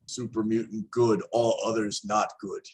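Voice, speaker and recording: A man in a casual board game discussion, giving short, joking answers with some halting. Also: fairly low pitch, flat delivery, breathy edge. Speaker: board game group member.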